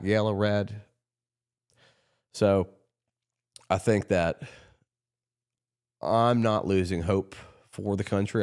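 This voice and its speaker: Rambling, heated man with a low voice. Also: a little mellow. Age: adult, runs his own company. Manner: rambling and heated, with frequent restarts. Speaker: podcast host. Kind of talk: casual political monologue.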